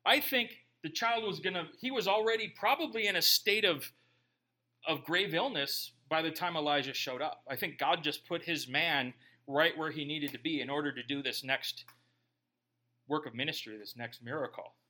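A man preaching a sermon in an animated, conversational way, full of rhetorical questions to the congregation. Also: fairly high pitch, normal speed. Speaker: pastor.

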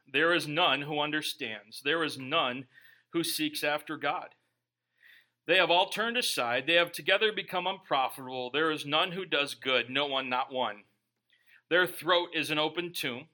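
A male pastor gives a sermon in a bright, piercing, high-set voice. He reads scripture to his congregation and then drops into joking, conversational asides. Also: rough recording. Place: church before a live congregation.

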